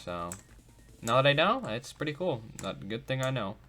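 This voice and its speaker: Bright, goofy young gamer guy. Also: medium pitch, very animated, normal speed, faint music behind. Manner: goofy, self-mocking, talks to himself. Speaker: gaming video host. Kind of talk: let's play commentary.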